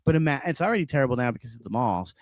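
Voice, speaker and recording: A man's voice: mid-range voice, expressive, very fast, no echo. A man co-hosting a casual podcast, ranting with heavy swearing and frequent laughter. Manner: profane ranting, laughs often. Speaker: podcast co-host.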